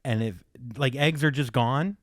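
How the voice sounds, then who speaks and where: A man's voice: medium pitch, measured pace, fairly bright tone, no echo, clean studio sound. A man in his forties hosting a podcast in casual joking chat, laughing often and poking fun at himself. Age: 40s. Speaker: podcast host.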